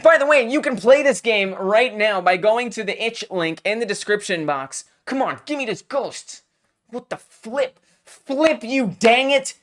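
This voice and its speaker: A live-stream host playing a game and commenting, excitable, swinging between mock rage and giggly chatter with playful made-up exclamations. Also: mid-range voice, normal speed.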